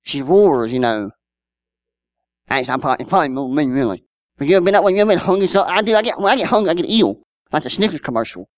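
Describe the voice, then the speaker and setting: A man's voice: fairly high pitch, big pitch swings, rapid-fire, no echo. Guy preaching, talks to the crowd with lots of questions and little stories, dry close sound. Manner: conversational preaching with rhetorical questions and personal anecdotes. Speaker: pastor. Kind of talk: sermon.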